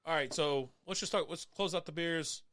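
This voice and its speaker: A man's voice: on the high side, moderate pace, a bit bright, no room sound. Blunt, teasing man on a beer podcast. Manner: blunt, teasing, swears freely. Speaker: podcast co-host. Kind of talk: casual beer podcast chat.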